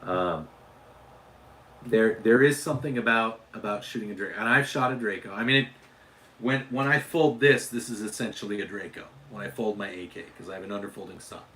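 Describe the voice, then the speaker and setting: A man's voice: on the low side, brisk, pushed and bright. A man from Utah hosting a casual livestream, chatting with viewers and often restarting and repeating his words. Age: adult father. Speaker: livestream host.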